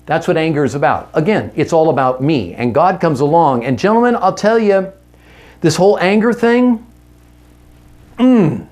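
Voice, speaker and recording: Here the seminar leader talks to men about marriage in an earnest, direct way, asking rhetorical questions and revising his words midway. He sounds a little high, expressive and darkish, speaking at a moderate pace.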